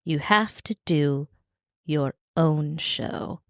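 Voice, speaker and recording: A blunt, realistic woman mentor giving firm advice in a lowered, dry voice. A woman voices her while retelling a story on a podcast. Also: extremely slow, fairly bright tone, no room sound, heavily acted.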